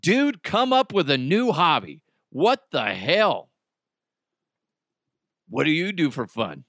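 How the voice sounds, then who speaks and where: A man in his thirties rants through his solo podcast, blunt and profane, with self-mocking jokes in between. His voice is bright and edgy, recorded close and dry in a home studio. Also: a little high, very animated, slow, no room sound. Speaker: podcast host. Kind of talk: casual solo podcast rant.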